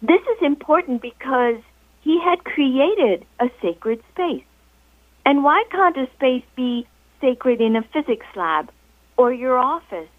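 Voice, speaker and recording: A woman with a somewhat high voice calls in to a radio interview and tells her story as a guest author. She explains at a measured, deliberate pace. The sound is thin and phone-like, with no room echo at all. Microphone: telephone. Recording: tinny phone line, dry.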